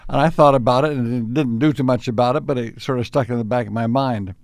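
Older man telling unhurried stories. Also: medium pitch, fairly even intonation, no echo. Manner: unhurried, with frequent restarts and chuckles. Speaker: interviewee. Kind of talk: reflective storytelling.

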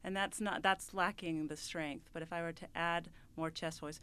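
A young adult woman, a voice student, explaining singing registers as a radio guest in an earnest, sometimes halting way. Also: on the low side, steady tone, fairly bright tone, smooth. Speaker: voice student and mezzo-soprano.

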